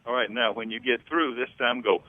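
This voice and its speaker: A man's voice: mid-range voice, fairly even intonation, brisk, dry recording, phone-quality sound. An older man in an interview, telling stories and coaching vocal sounds. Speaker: interviewee, backup singer. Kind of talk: storytelling interview chat.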